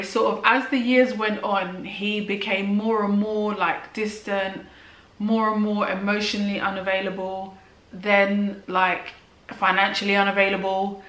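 A woman's voice: mid-range voice, sharp tone, recorded from a distance. Young woman, personal vlog testimony, hesitant and emotional, recorded in an echoey room, away from the mic. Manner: halting, frequent "like" and restarts, emotional. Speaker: vlogger. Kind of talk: personal testimony, casual talk to camera. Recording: roomy and off-mic.

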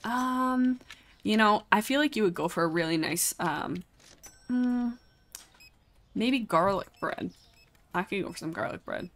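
A woman's voice: mid-range voice, lively intonation, a little slow, pauses often. Chatty young woman streaming a game. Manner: chatty, exclaims often, talks to chat. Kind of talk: casual live game commentary.

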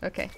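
A young woman giving casual game commentary, excitable, swearing, laughing and yelping at scares. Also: very high-pitched, slight background noise. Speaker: gaming YouTuber.

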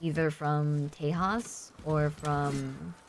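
A woman's voice: low-pitched, fairly even intonation, drawn-out words, slight background noise. A woman streaming a video game, chatting casually and rambling with many fillers as she plays. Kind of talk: casual chat while gaming.

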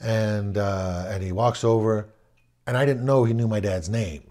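A man's voice: on the low side, measured pace, warm tone. A middle-aged man from Southern California telling a childhood story in a casual, rambling way, correcting himself and chuckling as he goes. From Southern California, USA. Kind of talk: casual spoken anecdote.

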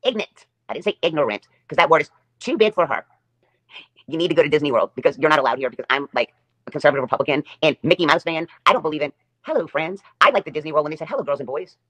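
Woman on a live stream going off, quick talker, snarky and taunting, repeats herself a lot. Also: low voice, fairly bright tone. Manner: sarcastic and taunting, repeats phrases. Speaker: livestream host. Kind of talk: livestream rant.

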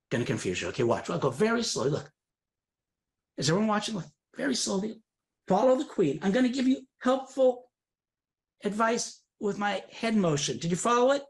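A man performing comic magic patter for a live audience, swinging from very serious to absurd, with teasing asides. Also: high voice.

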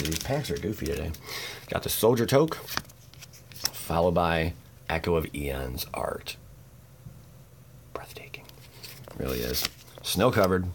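A man chatting casually while opening card packs, excitable and goofy, with rambling asides and hushed whispers when he gets tense. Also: deep voice, moderate pace, long pauses, background noise. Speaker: card pack opening host.

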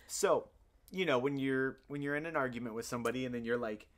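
A man's voice: mid-range voice, fast talker. A young man teasing his partner in casual chat on their couple's vlog, laughing often. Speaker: vlog co-host.

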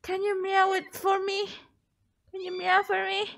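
A young woman vlogs casually, playfully pleading with her pet cat and mimicking its meows. Her very high voice is gravelly, completely flat and a little slow, and the recording is very noisy.

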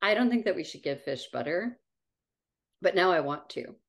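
A woman co-hosting a podcast in casual chat, playful and quick to laugh. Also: fairly low pitch, sing-song, creaky. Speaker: podcast co-host.

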